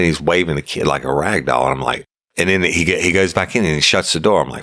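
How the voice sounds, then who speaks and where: A man's voice: extremely low pitch, fast talker, sharp tone, no room sound, studio quality. A middle-aged man, a former deputy hosting a podcast, telling true-crime stories in a casual, vivid way and acting out radio calls.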